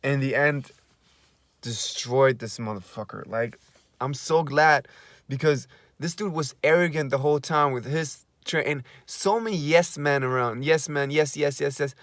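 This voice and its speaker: A young man in a casual vlog, excitedly recapping an event he attended, gushing, repeating himself and swearing now and then. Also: mid-range voice, a little slow, no echo, studio quality. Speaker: vlogger.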